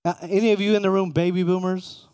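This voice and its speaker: A man's voice: high voice, flat delivery, fast, a little mellow, clear, resonant tone, dry recording. A middle-aged man preaching a conversational sermon, often putting questions to his listeners. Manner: conversational, asks the room questions.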